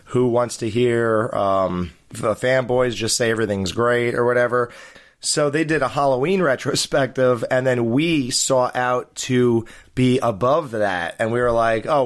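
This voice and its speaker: Male podcast host, average pitch, casual and rambling. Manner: rambling, with many fillers and restarts.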